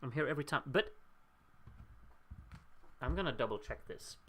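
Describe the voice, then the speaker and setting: A man's voice: medium pitch, lively intonation, normal speed, pushed and bright. Young male streamer host, upbeat and self-mocking, thinks aloud while tallying votes. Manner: chatty and upbeat, laughs at himself, thinks aloud. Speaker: livestream host reading out viewer votes. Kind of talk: casual live watchalong chat.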